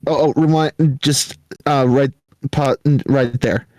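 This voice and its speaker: A man's voice: medium pitch, fairly even intonation, takes it slowly, a little mellow, no echo. A man chatting casually during a watch-along, talking about writing and directing his fan series. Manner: chatty, restarts, eager asides. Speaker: series creator on commentary.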